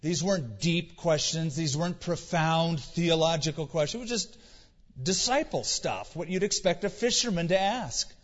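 A man's voice: a little high, normal speed. A man preaching a sermon in a casual, conversational way, acting out quotes with mock voices. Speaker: pastor. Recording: dull sound with long hall reverb.

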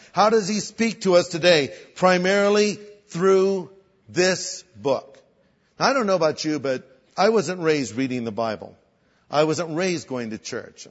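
An older man preaching a sermon as a guest pastor, telling a story with animated voices for the people in it. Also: a little high, big-room sound. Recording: dull lo-fi sound.

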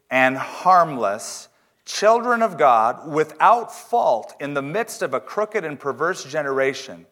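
A man preaching a sermon in church, reading scripture slowly and emphatically, with joking asides. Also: a little high, fairly bright tone. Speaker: pastor.

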